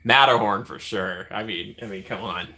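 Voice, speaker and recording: A man's voice: on the low side, normal speed, bright, forceful tone. A man hosting a casual live stream, chatting with viewers by name and laughing often.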